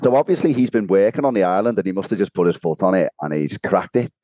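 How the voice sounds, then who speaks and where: Brief: male podcast co-host, low dark voice, dry close sound, chatty storyteller who laughs a lot. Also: expressive, quick pace, no echo, highs cut off. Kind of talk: casual chat. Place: home kitchen.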